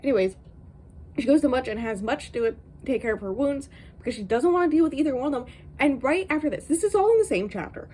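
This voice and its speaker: A woman's voice: high-pitched, quick pace, a little hiss or hum, poor audio. Exasperated woman ranting about a book. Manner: exasperated, animated ranting with many fillers. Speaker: book vlogger. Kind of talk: casual book review rant.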